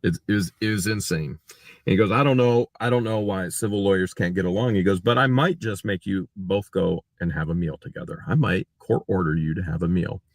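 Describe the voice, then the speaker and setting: Talking a little fast, a man chats casually on a livestream about his own court case, animatedly performing other people's words with big pitch leaps. There's no echo.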